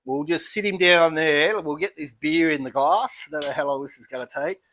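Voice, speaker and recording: An Australian man reviewing beer in a casual home vlog, chatty and relaxed, talking as he eats and drinks. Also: a little high, moderate pace. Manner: relaxed, chatty, thinking aloud while eating and sipping.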